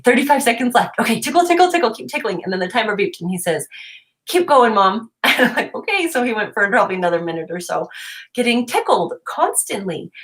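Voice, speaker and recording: A woman in her thirties, a homeschooling mom, telling a funny family story on a casual livestream from home, laughing often as she goes. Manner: animated, laughing, voices her kids in high pitch. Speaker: mom vlogger.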